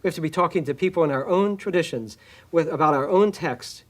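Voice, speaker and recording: A church minister giving a reflective interview answer, speaking haltingly with frequent restarts and fillers. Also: male voice, fairly high pitch.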